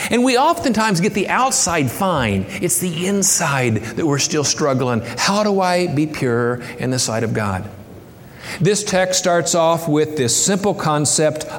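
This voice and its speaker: A man's voice: fairly high pitch, slight background noise. A middle-aged man preaching a sermon as pastor, earnest and building to impassioned, raised passages. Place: church sanctuary. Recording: reverberant hall, faint ambience.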